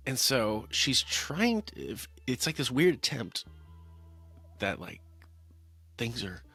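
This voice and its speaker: A man's voice: lowish voice, sharp tone. A man casually reviewing a film on camera, wry and rambling with many restarts. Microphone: talking-head camera mic.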